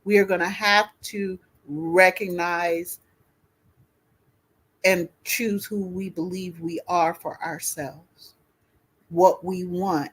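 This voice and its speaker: A woman in her fifties co-hosting a casual discussion, talking bluntly and profanely with a fired-up edge. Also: fairly low pitch. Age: 50s. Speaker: podcast co-host.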